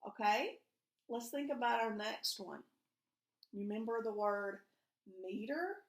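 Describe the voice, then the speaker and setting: A woman teaches a recorded reading lesson to young pupils. She speaks in a somewhat high voice, patient and guiding, and keeps asking them questions. The room has a noticeable echo. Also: slow pace. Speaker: elementary school teacher. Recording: echoey room.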